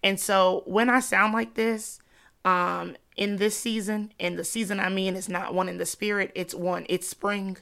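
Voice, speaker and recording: A woman's voice: medium pitch, fairly even intonation, measured pace, vocal fry, a bit bright. A woman with a congested nose from allergies, hosting a faith podcast in a chatty style and talking to listeners like close friends. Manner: chatty, addresses listeners as sis and y'all. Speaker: podcast host. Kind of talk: casual faith talk.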